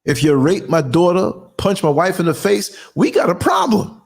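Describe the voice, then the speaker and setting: A man's voice: high voice, wildly swooping pitch, normal speed, gravelly, breathy edge. A man in his sixties hosting his own podcast, giving a fiery, indignant monologue with strong emphasis. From United States. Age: 60s. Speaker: podcast host and culture critic. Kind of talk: ranting monologue.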